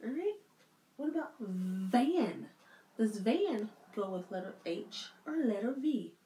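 A woman's voice: on the high side, sing-song, takes it slowly, warm tone, slight background noise. A woman leading a circle time lesson for young children, asking patient questions. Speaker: preschool teacher. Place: church classroom. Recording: echoey room, faint music.

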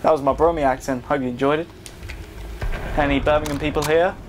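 A man giving chatty, excitable live commentary while playing a video game, talking to his viewers and swearing now and then. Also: a little high, fairly quick, background noise. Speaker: gaming video host. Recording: commentary over loud game gunfire.

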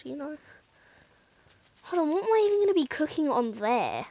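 A woman's voice: high-pitched, sing-song, moderate pace, long pauses, dry recording, rough recording. A woman giving casual, rambling gameplay commentary, mocking herself and often muttering asides under her breath. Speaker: gaming YouTuber.

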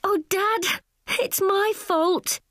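A very high-voiced guilty little boy. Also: extremely slow, a bit bright, no echo, studio quality, exaggerated voice. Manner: eager, apologetic. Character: young boy, earnest and quick to feel guilty.

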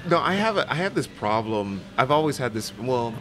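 A man from Detroit, a guest on a podcast, talking in a relaxed way full of fillers and "you know what I mean.". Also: mid-range voice, a little fast. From Detroit, USA. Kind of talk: casual interview chat.

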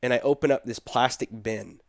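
A man's voice: medium pitch, fairly quick, vocal fry, no echo. Man telling a story, dry sound. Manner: animated, quotes people in his story, laughs between. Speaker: guest telling his story. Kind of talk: casual storytelling.

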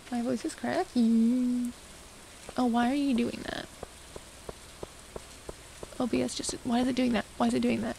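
A woman's voice: fairly high pitch, normal speed, gravelly, long pauses, low-quality recording. A young woman streamer rambling through casual game commentary, self-mocking and chatty as she talks to herself. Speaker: gaming streamer. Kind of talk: casual let's-play commentary. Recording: steady background noise.

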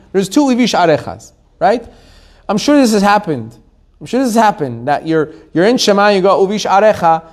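A man, a rabbi, teaching a Torah class to a live audience, animated, asking the room questions and laughing often. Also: high-pitched.

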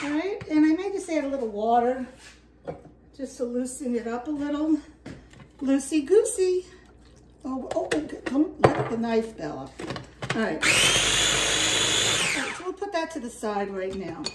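Older lady vlogging from her kitchen, chatty and rambly, kinda high voice, mic a bit far off. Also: animated, moderate pace, very noisy. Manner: chatty, rambling, talks to camera while cooking. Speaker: home cook vlogger. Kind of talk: casual cooking vlog. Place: home kitchen.

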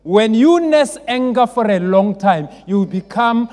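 High-voiced man preaching in a church hall. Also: lively intonation, unhurried. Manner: call-and-response, rising to emphatic shouts. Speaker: pastor. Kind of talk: sermon. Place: large church. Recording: long church reverb.

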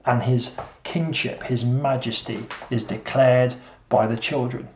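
A male preacher giving a sermon, asking rhetorical questions and repeating phrases, at times emphatic and at times hushed. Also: medium pitch, fairly even intonation, unhurried, a little hiss or hum. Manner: swings between emphatic and hushed delivery. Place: church hall. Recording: echoey room.

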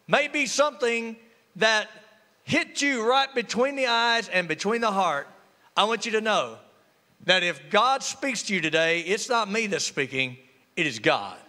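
A male pastor preaches a sermon in a church sanctuary, mixing humor with call-and-response. His voice is high, bright and forceful, and the church hall makes the recording reverberant.

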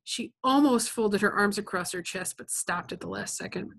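A woman's voice: mid-range voice, normal speed, gravelly. A woman reading a novel aloud to listeners, stopping now and then to explain things in a chatty, plain way. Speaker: reader.

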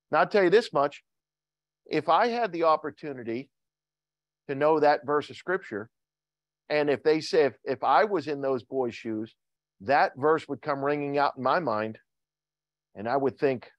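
A man's voice: a little high, lively intonation, normal speed, pauses often, no echo. A man preaching a sermon as pastor, reading scripture in King James wording and asking the congregation questions.

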